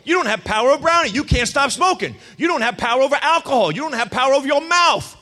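A man preaching a sermon, telling stories with acted-out quotes and a lively, punchy delivery. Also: extremely high pitch, fast talker. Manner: animated storytelling with acted quotes. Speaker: pastor.

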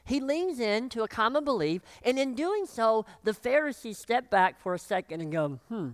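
A pastor preaching a sermon, acting out the voices of the people in the story, choked up and clearing their throat. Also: mid-range voice, normal speed, no room sound, studio quality. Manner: animated, acts out voices of biblical figures.

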